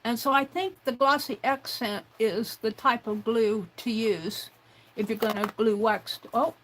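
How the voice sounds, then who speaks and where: A woman with a slightly high voice talks through a craft project very slowly, musing aloud as she goes. She hosts her own livestream and chats to herself in the third person, unhurried and absorbed in her work. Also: steady tone, rough recording. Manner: unhurried, musing aloud while working with hands. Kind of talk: casual craft demonstration.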